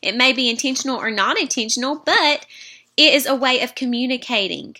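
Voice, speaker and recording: Young Southern woman, North Carolina accent, student presenter; bright, slightly high voice, earnest classroom explainer. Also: a little fast. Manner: earnest, explanatory, checks in with "okay?".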